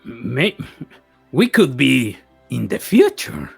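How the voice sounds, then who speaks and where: A man's voice: medium pitch, sing-song, slow pace, vocal fry, fairly bright tone, slightly rough, faint music behind. A man playing his character in a tabletop game, hesitant and stammering through restarts. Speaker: player.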